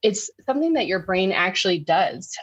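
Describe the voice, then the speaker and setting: A woman, a sugar detox coach, telling lively stories in a casual podcast interview and acting out what people said. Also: medium pitch, moderate pace, breathy edge. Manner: animated storytelling, acts out quotes.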